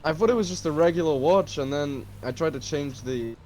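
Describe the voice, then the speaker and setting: A man's voice: a little high, brisk, darkish tone, slight background noise, low-quality recording. A man playing his character in a tabletop game, sheepish and joking. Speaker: player.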